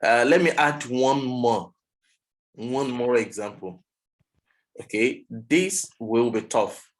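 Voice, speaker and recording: A man's voice: medium pitch, takes it slowly, low-quality recording. A man teaching pronunciation in a one-on-one online lesson, patiently modelling sounds for the student to repeat.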